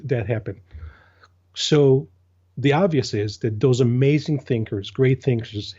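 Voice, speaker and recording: A man's voice: medium pitch, warm tone, slightly rough. A man who leads an organization, speaking earnestly and with emphasis as a guest in a casual interview. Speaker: guest, business leader. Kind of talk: casual chat. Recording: dull lo-fi recording.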